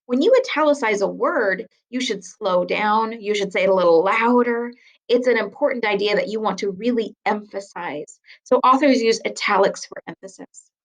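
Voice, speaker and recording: A woman teacher giving a recorded writing lesson, explaining patiently and clearly, slowing down to stress key words. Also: mid-range voice, rough recording.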